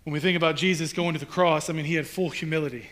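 Bright-voiced emphatic male pastor. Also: on the high side, fairly even intonation, rapid-fire. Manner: conversational, emphatic preaching with rhetorical questions. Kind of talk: sermon.

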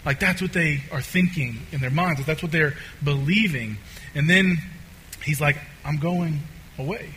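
A man's voice: fairly high pitch, moderate pace, bright, forceful tone, slight background noise, low-quality recording. A man preaching a sermon in a casual, conversational way, with many fillers and restarts.

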